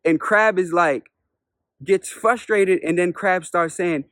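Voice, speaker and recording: A man who is a spiritual teacher, telling a parable as a lesson in an unhurried way, repeating points and asking rhetorical questions. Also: high voice, fairly bright tone, clear, resonant tone, no room sound, clean studio sound. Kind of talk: storytelling lesson.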